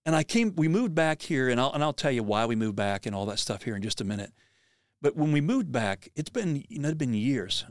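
A man's voice: medium pitch, no room sound, studio quality. A middle-aged man hosting a podcast, telling a personal story in an earnest, vivid way that often restarts sentences.

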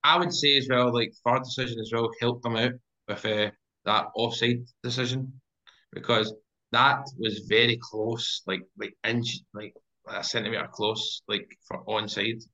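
Scottish man, podcast guest, bright tense voice, animated storyteller, dull lo-fi recording. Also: lowish voice, a little slow. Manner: animated storyteller, acts out scenes. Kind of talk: casual football chat. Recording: dull lo-fi sound.

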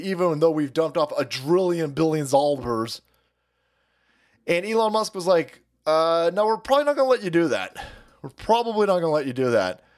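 A man hosting a rambling political stream, loud, mocking and foul-mouthed, laughing often between lines. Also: a little high. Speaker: streamer host.

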